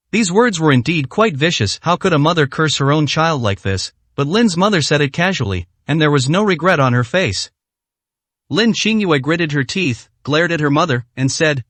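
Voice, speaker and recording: A man narrating a translated web novel in a steady reading voice with occasional slips. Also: a little high, moderate pace, no room sound.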